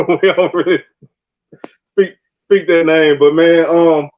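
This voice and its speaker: Guy in his 30s, high voice, keeps laughing thru his stories, kinda muffled recording. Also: slow pace. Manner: laughs often, animated storytelling. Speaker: podcast host. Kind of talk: casual sports chat.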